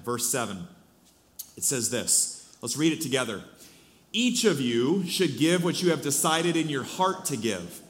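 A male pastor preaching a sermon in a church, speaking conversationally with many fillers and restarts. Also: mid-range voice.

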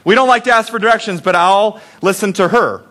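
A middle-aged male pastor preaches in a church with a somewhat high voice. His delivery is relaxed and conversational, and he pokes fun at himself. He keeps asking the congregation questions to draw them in. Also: a little fast. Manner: conversational, self-deprecating, asks the congregation questions. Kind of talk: sermon. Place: church sanctuary.

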